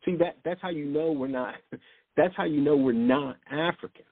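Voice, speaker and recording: Husky-voiced man preaching over a tinny line. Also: a little high, normal speed, no echo. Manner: emphatic, fires rhetorical questions. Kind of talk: impassioned sermon commentary. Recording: dry, tinny phone-like sound.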